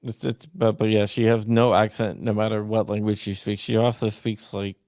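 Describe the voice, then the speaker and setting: A man with a gravelly, fry-edged voice hosts a casual talk show. He tells stories in an easygoing way, recorded dry and close with no room sound. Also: lowish voice, level tone, moderate pace, a little mellow, dry recording. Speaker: host. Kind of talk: casual chat.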